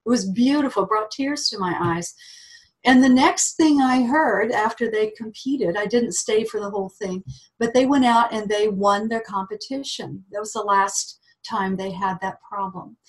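A woman's voice: mid-range voice, moderate pace. Chatty woman telling a story. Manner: chatty, with frequent "um" fillers. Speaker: guest, animal communicator. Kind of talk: anecdotal storytelling in an interview.

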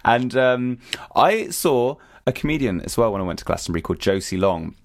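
A man co-hosting a podcast in casual chat, hoarse from singing, talking enthusiastically with little giggles. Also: medium pitch, very animated, a little fast, dry recording, clean studio sound. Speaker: podcast co-host.

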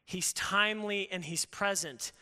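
High, bright-voiced preacher in a hall. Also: male voice, unhurried, smooth. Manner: animated, conversational preaching with rhetorical questions. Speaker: pastor. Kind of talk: sermon.

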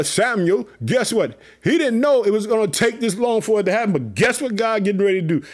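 A pumped-up pastor with a high voice delivers an energetic podcast sermon, excitedly repeating preaching catchphrases.

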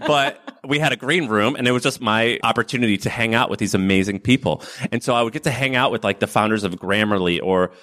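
A man's voice: lowish voice, fast, few pauses, fairly bright tone. A man as a podcast guest, telling rambling stories in casual conversation and laughing often.

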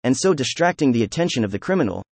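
An excitable young nobleman, read by a man in a steady mid-range voice, effusive and proud as he pushes back against his questioners. The sound is dry and close, with no room around it. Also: medium pitch, racing, gravelly, breathy edge, dry recording, full character voice. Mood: defiant. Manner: effusive, emphatic, laughing.

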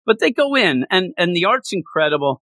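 A man hosting a casual comic book podcast, his voice pitched slightly above the usual male range. He sounds dry and close to the mic, with no room around him. He gushes with excitement and keeps restarting his sentences. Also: a little fast, no room sound. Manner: excitable, gushing, frequent restarts.

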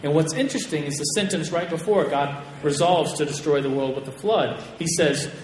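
Man, bible class teacher, slightly high voice, chatty and animated, big hall with long reverb. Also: fairly quick. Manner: chatty, animated storyteller with frequent restarts. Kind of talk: casual teaching to a group. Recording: echoey hall with long reverb, faint room noise.

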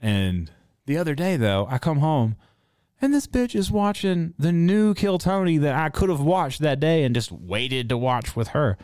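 A man in his thirties from North Carolina, chatting casually with his audience and ranting in profane, animated bursts. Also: fairly high pitch, moderate pace, clean tone, dry recording. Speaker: streamer answering chat. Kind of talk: casual rambling chat.

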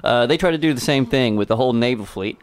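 A man's voice: medium pitch, fast, clean tone. A man hosting a podcast, joking crudely and rambling through loose stories. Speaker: podcast host. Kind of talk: casual podcast banter.

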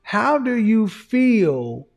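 A man's voice: high-pitched, big pitch swings, very slow, vocal fry. A man hosting a livestream who gives relationship advice, lecturing emphatically, repeating himself and swearing at times. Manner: emphatic, repetitive lecturing with profanity. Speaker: livestream host.

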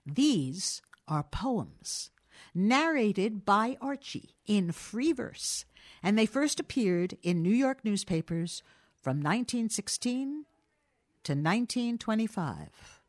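A woman narrating and introducing classic stories in an expressive storytelling style. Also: medium pitch, slow. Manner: expressive, lively. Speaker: reader, narrator.

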